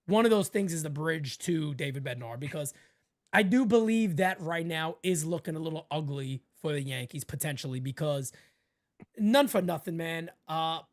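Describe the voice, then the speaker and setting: A man hosting a casual live sports talk show, emphatic and animated, swinging between loud bursts and quieter asides. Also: on the high side, normal speed. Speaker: podcast host.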